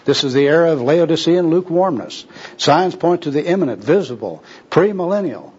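A man voicing a kindly old male preacher with a gentle manner full of churchy jargon, heard on a dull lo-fi recording. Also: on the high side, lively intonation, a little fast, breathy edge, voice pushed up. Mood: kindly, pious.

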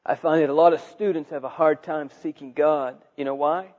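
A man's voice: a little high, fairly quick, narrow, tinny audio. A man preaching a sermon, telling a story and acting out the voices in it. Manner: animated, acts out voices in his story.

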